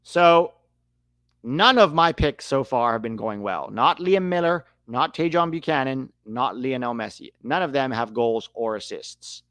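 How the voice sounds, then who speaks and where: A young man calling a match live for a watch-along, animated and quick to swear at the referee. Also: medium pitch, no echo. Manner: animated, swears when riled, calls the play.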